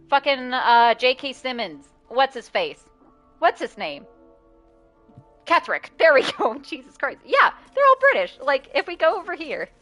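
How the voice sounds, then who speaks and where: A woman's voice: high-pitched, fairly bright tone. A woman streaming a video game, talking casually with chat, swearing often and laughing between remarks.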